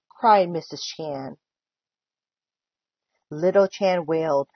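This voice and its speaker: Expressive woman reading a picture book. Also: lowish voice, takes it slowly, long pauses, no echo, highs cut off. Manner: expressive storytelling. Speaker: volunteer reader. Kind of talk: reading a children's book aloud.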